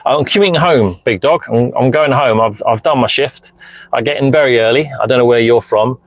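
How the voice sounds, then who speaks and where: A man's voice: mid-range voice, a little fast, no echo, rough recording. Chatty middle-aged man in a car. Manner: chatty, rambling, answers viewer messages. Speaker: car diagnostics streamer. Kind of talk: casual live-stream chat while driving. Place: inside a car, parked in a lay-by. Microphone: phone mounted hands-free in the car.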